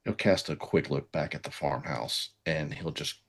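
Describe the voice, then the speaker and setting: A man playing a tabletop game who quietly and hesitantly narrates his character's actions. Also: a bass voice, moderate pace, husky. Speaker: player. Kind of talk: in-character tabletop role-play.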